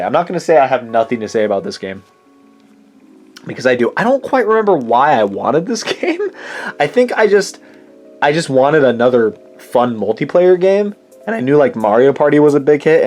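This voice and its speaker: A young man hosting his own channel, chatting casually and rambling through his game collection, often correcting himself mid-sentence. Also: a little high. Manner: rambling, chatty, self-correcting with many fillers. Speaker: channel host.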